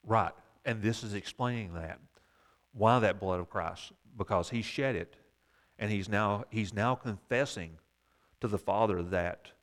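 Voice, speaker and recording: A man's voice: fairly low pitch, measured pace. A man leading a Bible study class, explaining verses and asking the group questions, with wry asides.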